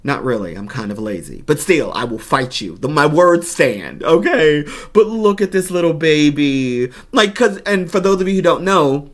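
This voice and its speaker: A man giving an excited, gushing reaction commentary on a game trailer as a YouTuber. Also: fairly high pitch, normal speed, hardly any pauses. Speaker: gaming YouTuber.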